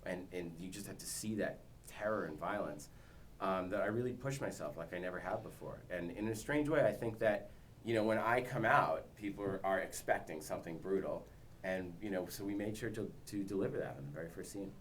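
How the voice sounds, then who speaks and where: Man, 30s, junket interviewee, animated anecdote teller, lowish voice, light background noise. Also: a little fast. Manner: animated storytelling, imitates others for laughs. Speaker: actor and director at a press junket.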